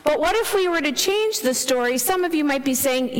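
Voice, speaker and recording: A woman's voice: sits high, lively intonation, normal speed. A woman reading the gospel and preaching a sermon, telling a fable and putting questions to the congregation. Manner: storytelling, asks the congregation questions. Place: church. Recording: long reverb in a church hall.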